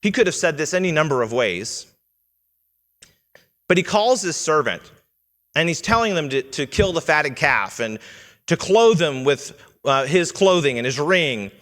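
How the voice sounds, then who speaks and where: A man's voice: a little high, expressive, measured pace, a bit bright. A man preaching a sermon in a church, earnest and teaching in tone, asking the congregation questions. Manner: earnest, teaching, with quoted lines read in character. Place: church sanctuary. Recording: long reverb of a church hall.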